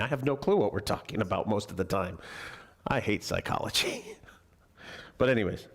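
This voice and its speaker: A male preacher giving a Bible lesson from a church pulpit. His voice sits at an average male pitch. He talks in a relaxed, joking way and keeps asking the congregation questions. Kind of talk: conversational sermon. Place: church sanctuary.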